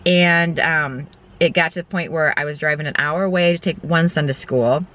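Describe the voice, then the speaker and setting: A woman in her forties records a casual vlog inside her car. Her voice is bright and forceful. She tells things candidly and rambles from one story to the next. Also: sits low, moderate pace, a little hiss or hum. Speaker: vlogger. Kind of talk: casual chat.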